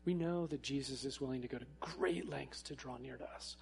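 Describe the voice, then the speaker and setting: A man preaching a sermon in a church, speaking in a casual, animated way with frequent fillers. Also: medium pitch, a little fast, vocal fry, a little hiss or hum. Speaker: pastor. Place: church sanctuary. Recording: echoey hall.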